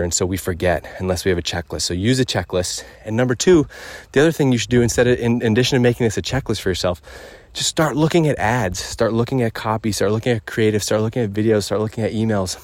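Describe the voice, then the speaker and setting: Talking fast with hardly a pause, a low-voiced podcast host rants casually and emphatically on an outdoor walk. He's a little out of breath, runs through a punchy checklist, and there's no room sound.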